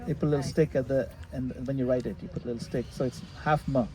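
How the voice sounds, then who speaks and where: A man leading a retreat session, explaining a practice in a relaxed, casual way and sometimes laughing at his own jokes. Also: medium pitch, fast, a crowd in the background, low-quality recording. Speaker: retreat leader answering questions. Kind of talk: casual teaching in a group session. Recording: faint background noise.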